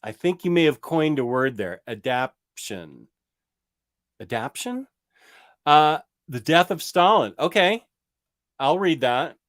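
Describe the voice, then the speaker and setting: A man's voice: on the high side, lively intonation, unhurried, a bit bright. A man hosting a casual comic book livestream, rambling and joking as he answers viewer questions and stumbles over words. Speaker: comic book channel host.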